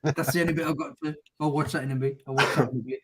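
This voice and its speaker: A middle-aged man with an English accent chatting loudly over a video call, swearing and laughing as he tells stories. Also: mid-range voice, steady tone, rapid-fire, slightly rough. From England. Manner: loud, swearing, laughing storyteller. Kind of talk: casual chat.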